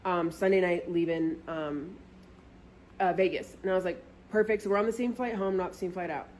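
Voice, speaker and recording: A woman's voice: brisk, a little hiss or hum. A woman vlogger telling a casual storytime, chatty and full of filler words and swearing. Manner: acts out quoted friends with lively pitch jumps.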